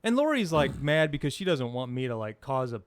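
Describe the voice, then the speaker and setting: A middle-aged man co-hosting a podcast in casual chat, rambling through an animated story with plenty of fillers. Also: mid-range voice, fairly quick, dry recording. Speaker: podcast co-host.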